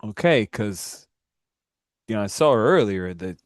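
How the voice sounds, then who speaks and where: A man's voice: lowish voice, lively intonation, a little slow, no room sound, clean studio sound. A man voicing a friendly, teasing young male runner in a tabletop game. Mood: bantering. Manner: upbeat, teasing.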